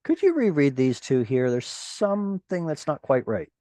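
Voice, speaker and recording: A man teaching a Hebrew grammar class over a video call, animated and encouraging, with playful asides. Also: a little high, normal speed, dry recording.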